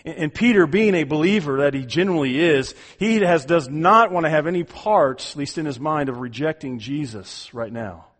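A man's voice: a little high, moderate pace, few pauses. A man preaching an expository sermon, emphatic and given to repeating words as he drives home a point. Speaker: pastor.

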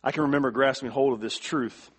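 A male pastor delivering a sermon, emphatic, repeating words for stress and swinging from quiet to forceful. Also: mid-range voice, fairly even intonation, quick pace, slightly rough.

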